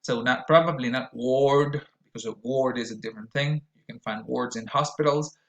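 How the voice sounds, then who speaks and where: A man teaching an English pronunciation lesson, explaining carefully and modeling words with deliberately exaggerated vowels. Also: mid-range voice, fairly bright tone, low-quality recording. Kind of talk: recorded lesson.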